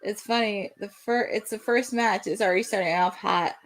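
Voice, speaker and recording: At normal speed and medium pitch, a young woman gives excitable play-by-play during a live wrestling watch-along she's hosting, bursting into shouts at major moments.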